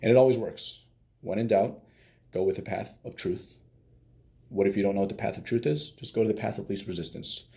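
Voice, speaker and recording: A man's voice: fairly low pitch, a little fast, gravelly, dark tone. A man giving casual dating advice as a coach, blunt and profane, with many fillers.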